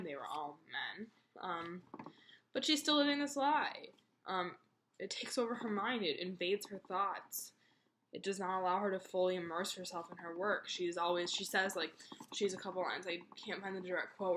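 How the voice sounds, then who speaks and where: Sick young woman vlogging in a low voice. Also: fairly bright tone, a little hiss or hum. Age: young adult. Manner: chatty, heavy on "like" fillers. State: sick, voice fading in and out. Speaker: college student. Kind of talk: casual vlog on a class book. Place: home kitchen.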